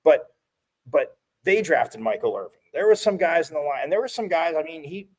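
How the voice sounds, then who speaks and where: A man co-hosting a casual sports talk show, rambling and restarting as he tells animated stories. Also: a little high, moderate pace. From from Phoenix area.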